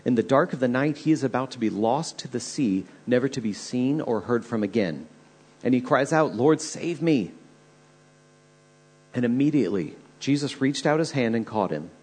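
A man's voice: mid-range voice, lively intonation, fairly quick, a little mellow, slightly rough. A man preaching a sermon and retelling Bible stories with earnest, dramatic storytelling. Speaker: pastor.

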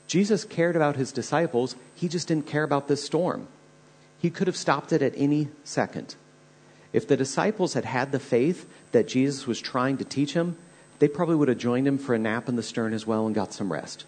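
A man's voice: mid-range voice, normal speed, a little mellow, slightly rough. A man preaching a sermon and retelling Bible stories with earnest, dramatic storytelling. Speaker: pastor.

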